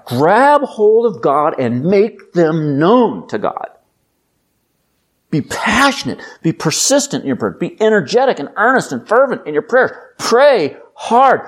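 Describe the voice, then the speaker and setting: Guy preaching a sermon, chatty but emphatic, voice swings up and down a lot. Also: fairly high pitch. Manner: conversational, emphatic, rising to loud intensity. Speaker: pastor.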